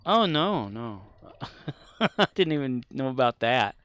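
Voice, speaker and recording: Drowsy guy streaming a game, mid-pitched voice, talking back to chat all relaxed. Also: takes it slowly, smooth, lo-fi sound. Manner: laid-back, drawling, answers chat. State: sleepy, keeps yawning. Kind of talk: casual chat while playing.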